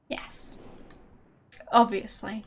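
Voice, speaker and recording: A woman's voice: high voice, darkish tone, slightly rough. A young woman streamer with a faint Austrian German accent blended with British tones, chatting casually and hesitantly while gaming. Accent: slight Austrian German, mixed with British. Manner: hesitant, thinking aloud, laughs often.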